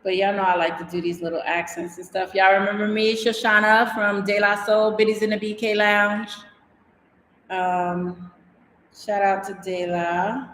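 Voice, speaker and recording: Speaking with a mid-range, fairly bright voice, this woman delivers her words flatly at a moderate pace. She's a DIY and design vlogger hosting a laid-back livestream at home in Mexico, rambling chattily and reading comments from viewers aloud. Long reverb fills the echoey room.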